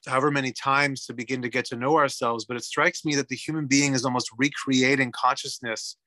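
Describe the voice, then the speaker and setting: A man from Canada, a psychotherapist guest, musing in an animated way and often checking in with "right?". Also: mid-range voice, brisk, dry recording. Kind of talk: reflective conversational interview.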